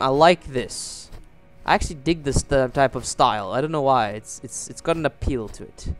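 A man casually commenting on a story game as he plays, reading its text aloud, swearing and yelling at characters. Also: a little high, no room sound. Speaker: gaming channel host. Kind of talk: let's play commentary.

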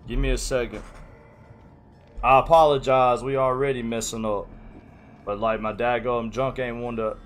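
A man's voice: mid-range voice, little pitch movement, moderate pace, long pauses, faint music behind. A man chatting casually on a live stream, rambling, flustered and apologetic.

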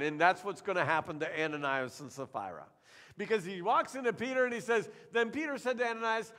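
A middle-aged man preaching a sermon in a church, telling stories in a lively way and acting out what the people in them say. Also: high voice. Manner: animated storytelling, acting out characters' lines. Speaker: pastor. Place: church sanctuary. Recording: long church hall reverb.

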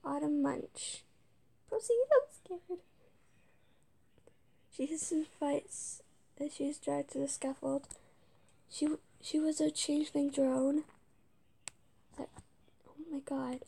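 Woman gamer with a high gravelly voice, reads game text slowly, trips over words, mutters whispered asides. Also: level tone, dark tone. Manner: stumbling, hesitant, with frequent whispered asides. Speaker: let's-play gamer. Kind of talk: casual game commentary, reading game text aloud.

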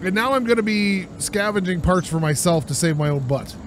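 A young man talks through a driving game in a sore, scratchy voice, rambling and laughing as he goes. His voice sits a bit high and bounces up and down a lot. A loud game engine hums underneath. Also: lively intonation, fairly quick. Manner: chatty, rambling, laughs often. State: sore throat. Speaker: gaming channel host. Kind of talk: let's play commentary. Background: car engine and game ambience.

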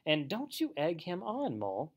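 A man's voice: on the high side, huge pitch swings, normal speed, pitched above the performer's own voice, heavily acted. A man playing a sensible but anxious storybook rat who fusses and pleads, his voice rising and falling. A careful riverbank animal.

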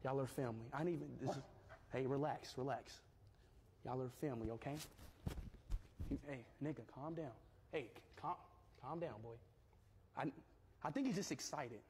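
A man chatting casually on a livestream, excitable and repeating short phrases over and over. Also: mid-range voice, normal speed, long pauses. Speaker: streamer. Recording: roomy echo with clear background noise. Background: dog barking.

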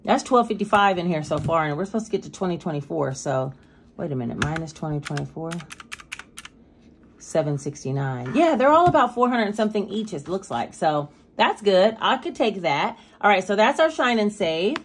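A woman's voice: fairly low pitch, expressive, moderate pace, slight background noise. Chatty woman counting cash aloud. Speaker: budgeting vlogger. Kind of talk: casual cash-stuffing vlog.

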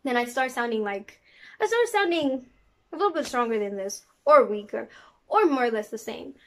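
A young woman from South Africa talking casually to camera in a sassy, animated way. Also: fairly quick. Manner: sassy and animated, talks with big pitch jumps. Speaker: vlogger. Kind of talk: casual vlog talk to camera.

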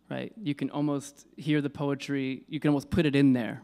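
A man's voice: mid-range voice, little pitch movement, normal speed, gravelly, few pauses, dark tone. A man giving an informal lecture on poetry. He hesitates, corrects himself and uses many fillers.

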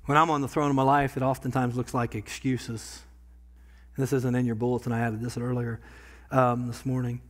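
A pastor preaching a sermon in a church, talking conversationally and swinging from quiet asides to loud bursts. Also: male voice, mid-range voice, little pitch movement, brisk. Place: church sanctuary.

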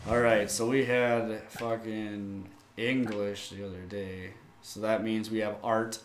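A man's voice: on the low side, little pitch movement, slow, reverberant, faint music behind. A man in casual gaming chat, laid-back and swearing often. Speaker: let's play co-host.

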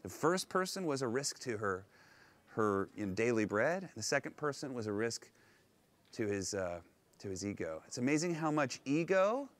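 A male pastor preaching a sermon on location, retelling a story in an animated, conversational way. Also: mid-range voice. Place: on location at an ancient synagogue.

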